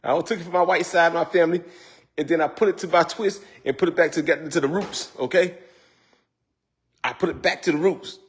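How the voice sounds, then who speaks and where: The host of this casual cooking livestream has a fairly high voice, speaks fairly quickly and keeps his intonation fairly even. He stays loose, cracking jokes, laughing often and addressing viewers as "y'all."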